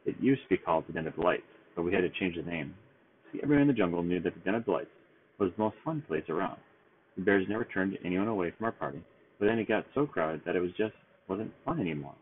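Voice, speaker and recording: A man voicing a cheerful, teasing big male bear in a relaxed, jovial manner. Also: deep voice, fast, a little hiss or hum. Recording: tinny phone-like sound.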